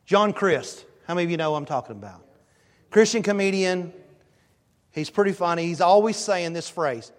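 A male pastor delivers a sermon with a high, bright voice. He tells stories in an animated way, pushing his voice up for emphasis. A long reverb from the church hall hangs on every word. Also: normal speed. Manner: animated storytelling, emphatic rises. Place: church sanctuary.

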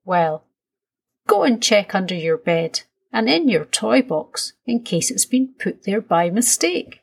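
A woman voicing a kind, helpful mother in a storybook reading, gentle in manner. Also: medium pitch, big pitch swings, takes it slowly, gravelly, breathy edge, heavily acted.

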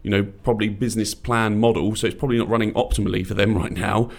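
British man, thirties, podcast co-host, rambling, jokey, rapid speech. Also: fairly low pitch, steady tone, creaky, darkish tone. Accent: British English. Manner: rambling, jokey, puts on drunk-bloke voices. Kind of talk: casual chat.

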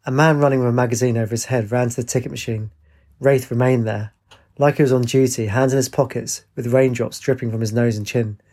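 A man narrating an audiobook in an even, measured way. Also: mid-range voice.

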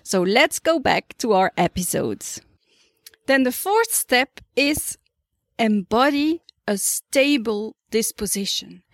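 A woman hosting her own podcast, giving calm step-by-step leadership advice in a measured, instructive way. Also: a little high, no room sound, clean studio sound. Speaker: podcast host. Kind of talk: solo podcast coaching talk.

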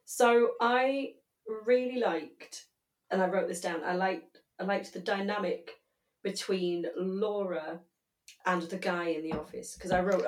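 A woman co-hosting a podcast in casual chat, candid and quick to laugh. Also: mid-range voice. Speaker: podcast co-host. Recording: roomy echo.

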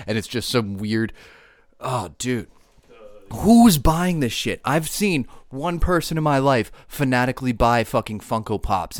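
A man's voice: mid-range voice, dry recording. Young male podcast host, profane rambling ranter, dry close mic. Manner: profane, rambling, swings into loud outbursts. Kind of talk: casual podcast rant.

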